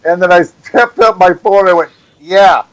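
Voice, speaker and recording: Rambling high-voiced Wisconsin man. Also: fairly quick, low-quality recording. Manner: rambling, animated, acts out voices in his story. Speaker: podcast co-host. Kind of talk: casual ranting chat.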